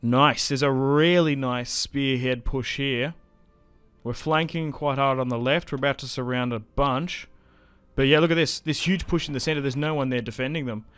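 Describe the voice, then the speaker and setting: A young man giving casual, chatty commentary while playing a strategy game, getting excited and laughing often. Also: medium pitch, normal speed, clear, resonant tone, no echo, faint music behind. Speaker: gaming YouTuber.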